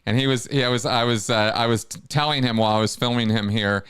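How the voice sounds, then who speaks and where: A man hosts a casual live chat show, wandering from thought to thought and restarting sentences. His voice is bright and clean, with a crisp, resonant tone. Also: mid-range voice, steady tone, fast talker. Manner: rambling, many restarts. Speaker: host.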